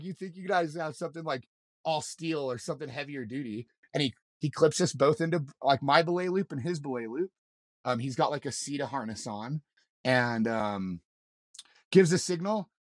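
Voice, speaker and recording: A man's voice: medium pitch, no echo, clean studio sound. A man, a mountain guide and podcast guest, telling a story casually, acting out what others said and swearing freely. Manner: animated, acts out quoted lines, swears freely.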